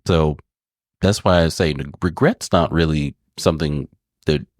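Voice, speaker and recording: A man co-hosting a podcast, telling a story in an animated, casual way and swearing freely. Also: a bass voice, unhurried, dry recording, studio quality. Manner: animated, swears freely, acts out voices in his stories. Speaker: podcast co-host.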